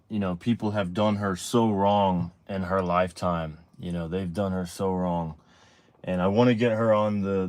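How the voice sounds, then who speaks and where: Low-voiced man telling a story. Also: a little mellow. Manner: rambling, halting, with many restarts and fillers. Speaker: show host. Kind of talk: casual storytelling on a live stream.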